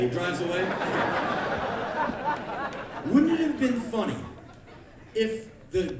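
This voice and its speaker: A man in his thirties doing live spoken word storytelling on a concert club stage, animated and bursting into loud acted-out quotes. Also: high-pitched, slow pace, pauses often, over a noisy crowd. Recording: echoey live club recording from far off. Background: audience laughter and room noise.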